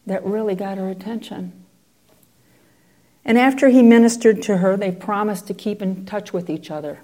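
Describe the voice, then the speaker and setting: A woman's voice: medium pitch, moderate pace, dark tone. A woman telling a story in a conversational way, with digressive asides. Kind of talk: oral storytelling.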